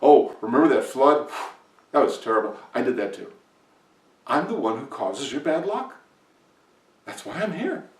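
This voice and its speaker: A man's voice: mid-range voice, sing-song, moderate pace, pauses often. A man voicing a filthy, cheerful male bad-luck creature that boasts smugly, in an echoey room from far off. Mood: gloating. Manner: smug, gleeful boasting.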